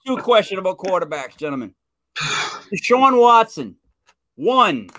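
Host type: lively, high, bright-voiced man, loose sports banter, dry room. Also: a little slow, no echo. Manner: animated, opinionated, frequent fillers. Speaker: podcast co-host. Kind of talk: casual sports chat.

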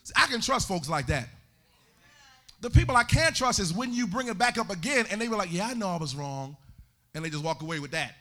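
Pastor guy preaching in church, high voice, bright, singsong and shouty peaks. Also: quick pace. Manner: animated preaching with sung and shouted climaxes. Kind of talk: sermon.

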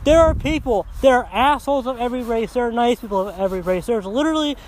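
High-voiced man ranting and swearing. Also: fast talker, darkish tone, a little hiss or hum. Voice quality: coarse, heated, swears constantly. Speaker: podcast host. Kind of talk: profane ranting monologue. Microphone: phone.

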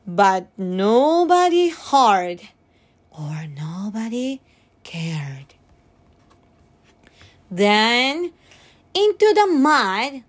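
A woman teaching English to preschoolers, singing and reading a picture book aloud in a slow, animated, sing-song way. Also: fairly high pitch.

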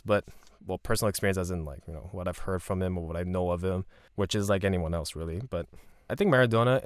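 A man from Canada hosting a casual solo podcast, telling stories in a relaxed, rambling way and laughing often. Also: fairly low pitch, dry recording, studio quality. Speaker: podcast host.

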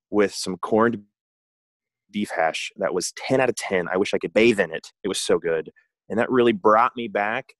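A man's voice: fairly low pitch, no echo, clean studio sound. A man co-hosting a podcast, telling rambling joking stories in casual chat. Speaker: podcast co-host. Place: travelling abroad, indoors.

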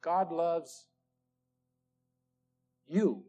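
An older man preaching a sermon, slow and emphatic, drawing out the key words. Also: fairly high pitch, animated, mellow, slight background noise. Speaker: pastor. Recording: old sermon tape recording.

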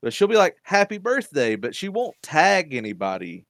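A man co-hosting a podcast in casual chat, animated and laughing often as he tells stories. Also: on the high side, normal speed, no room sound. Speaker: podcast co-host.

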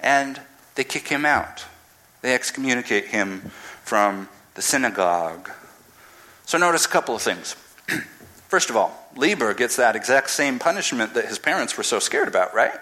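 A man's voice: mid-range voice, expressive, moderate pace, bright, forceful tone, rough recording. A man giving a casual, humorous sermon, retelling a scripture story dramatically.

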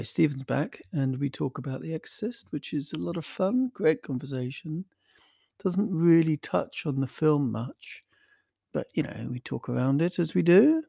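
A man's voice: fairly high pitch, gravelly, warm tone, dry recording, clean studio sound. A man hosting a podcast, chatting casually through a rambling, hesitant, self-mocking intro. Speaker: podcast host.

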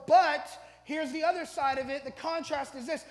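A man preaching a sermon as pastor, chatty, with frequent "right?" tags and loud emphatic stretches. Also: very high-pitched, fairly even intonation, normal speed. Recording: echoey hall, long reverb.

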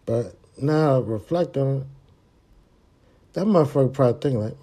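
A man hosting a podcast, telling a story in a profane, animated way and acting out his own thoughts. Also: mid-range voice, normal speed, pauses often. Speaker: podcast host. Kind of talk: casual storytelling monologue.

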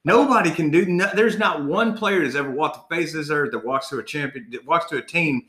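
A man's voice: on the high side, fairly quick, sharp tone. Male co-host, heated profane sports rant, roomy echo. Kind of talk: casual sports chat.

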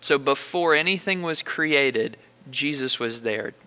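A man from Kentucky hosting a casual Bible study discussion, speaking in an earnest, unhurried, thoughtful way. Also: mid-range voice, bright, forceful tone, clean tone. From Bullitt County, Kentucky.

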